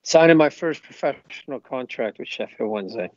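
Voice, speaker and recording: Speaking briskly and with animation at a medium pitch, a former pro footballer from the US rambles through enthusiastic stories as an interview guest. He's middle-aged, and the chat is casual. The recording is dry and a little dull, as if captured over a remote call.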